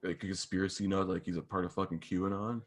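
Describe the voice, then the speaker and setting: A man's voice: low-pitched, little pitch movement, fast. A man co-hosting a music podcast in crude, rambling casual chat, full of "like". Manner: crude, rambling, heavy use of "like". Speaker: podcast co-host.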